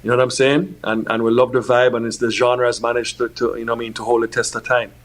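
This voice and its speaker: A man from Jamaica who works as a music producer, giving relaxed interview answers that are full of "you know what I mean". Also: medium pitch, quick pace.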